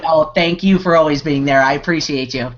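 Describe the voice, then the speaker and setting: A man's voice: a little high, brisk, noisy background. A man hosting a live online Q&A, talking in a rambling way with many restarts and fillers. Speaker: host. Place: online video hangout. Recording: dull lo-fi video call audio.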